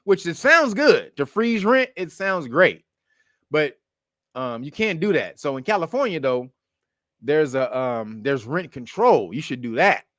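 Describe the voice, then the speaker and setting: A man hosting a casual commentary show, rambling and profane, who corrects himself often and breaks into loud laughter. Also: on the high side, sing-song, measured pace, no echo, clean studio sound. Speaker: show host.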